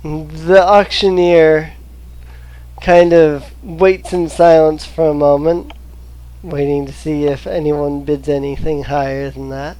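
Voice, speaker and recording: Slow, hesitant game master narrating. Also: female voice, low-pitched, steady tone, mellow. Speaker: dungeon master. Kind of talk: narrating a tabletop game over voice chat.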